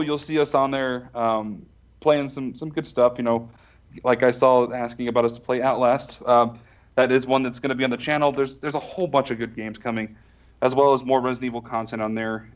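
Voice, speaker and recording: A relaxed man co-hosts a podcast in a middle-pitched voice, with small chuckles. His mic sounds dull and lo-fi, and keyboard typing can be heard behind him. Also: moderate pace. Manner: relaxed, chuckling, promo-reading. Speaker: podcast co-host. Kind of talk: casual podcast chat.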